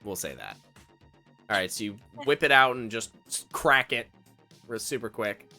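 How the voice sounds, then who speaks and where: A man's voice: lowish voice, very animated, normal speed, pushed and bright, soft background music. A man narrating as game master in a casual tabletop game, swearing and laughing easily.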